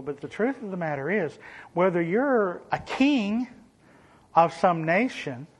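Earnest man preaching. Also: high voice. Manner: earnest preaching with sudden emphatic rises and sarcastic asides. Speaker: pastor. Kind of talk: sermon.

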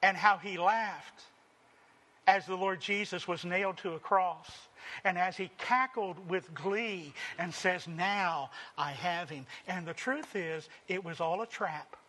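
A high-pitched man delivers a sermon, acting out the lines he quotes. He swings between loud emphasis and hushed, drawn-out phrases.

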